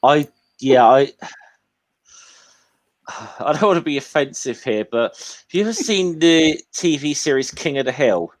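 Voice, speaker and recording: A man chatting casually, his pitch rising and falling in a lively way. He talks hesitantly, with repeated false starts, and apologises as he goes. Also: measured pace, long pauses. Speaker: guest on a casual online chat. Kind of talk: casual chat.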